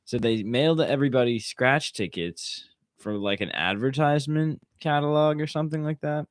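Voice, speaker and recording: A young man from Maryland, a guest on a podcast, talking in relaxed, rambling casual chat with many "like"s. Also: medium pitch, moderate pace, no echo. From Maryland, USA. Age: young adult.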